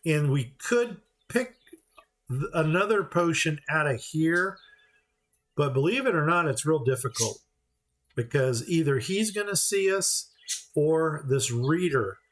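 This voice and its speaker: A man talks through his game session in a relaxed, chatty way. His voice sits a little high for a man. He explains each step as he goes and sometimes slips into quick mock voices for the characters. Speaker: gameplay commentator. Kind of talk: casual let's-play commentary.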